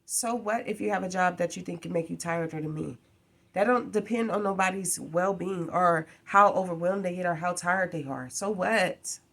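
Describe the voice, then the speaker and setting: A woman's voice: lowish voice, moderate pace, gravelly, fairly bright tone. A woman vents to the camera in a casual vlog. She rambles, sounds exasperated and keeps firing off rhetorical questions. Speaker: vlogger.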